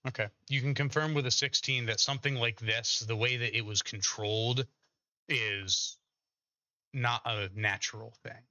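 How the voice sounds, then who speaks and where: A man narrating as game master of a tabletop game, pausing often with fillers. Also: mid-range voice, steady tone, sharp tone, no room sound. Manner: hesitant, many filler pauses. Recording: dull lo-fi mic.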